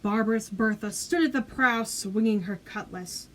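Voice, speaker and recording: A woman reading a children's picture book aloud in a lively, expressive storytelling manner. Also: medium pitch, normal speed, far from the mic. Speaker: storybook reader. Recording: roomy echo.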